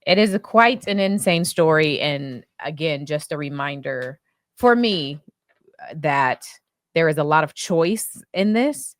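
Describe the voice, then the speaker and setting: A woman's voice: low voice, lively intonation, unhurried, dry recording. A woman hosting a casual podcast, talking through a legal case in impassioned, indignant bursts. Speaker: podcast host.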